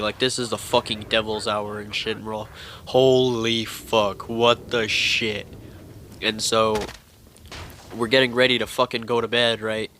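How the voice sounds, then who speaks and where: Young man, casual vlog storytelling, rambling, heavy swearing, bright tone. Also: lowish voice, slight background noise. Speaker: vlogger telling a scary story.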